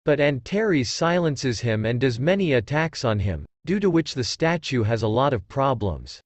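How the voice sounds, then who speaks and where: Man narrating a comic recap, lively. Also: mid-range voice, moderate pace, hardly any pauses, dry recording. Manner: plain, repetitive retelling.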